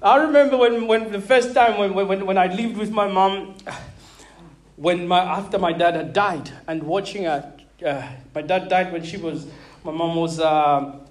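A woman in her thirties preaching a sermon, animated and laughing often, checking in with her listeners and repeating words as she thinks. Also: fairly low pitch, unhurried. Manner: repeats words when searching for them.

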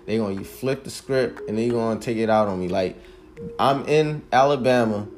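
A man's voice: on the low side, normal speed, slight background noise. A 21-year-old man podcasting alone, telling a story in an emphatic, heated way with plenty of swearing. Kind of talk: casual monologue.

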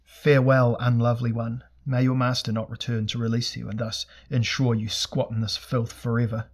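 A man's voice: lowish voice, steady tone, fairly quick, darkish tone, husky. A man voicing a grim, sardonic sorcerer prince who speaks in a formal, archaic way in an audiobook.

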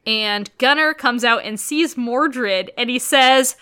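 Podcast co-host, woman, bright crisp voice a bit high, rambling animated film recap. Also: slow pace. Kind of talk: casual movie recap chat.

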